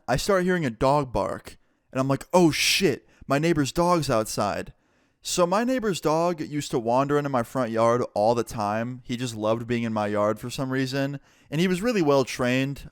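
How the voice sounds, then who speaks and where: A man's voice: clean tone, no room sound, studio quality. A young man telling a storytime about being wronged, casual and full of swearing, his voice jumping up when he gets worked up. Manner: animated, swears a lot, rises in pitch when riled. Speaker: storytelling vlogger.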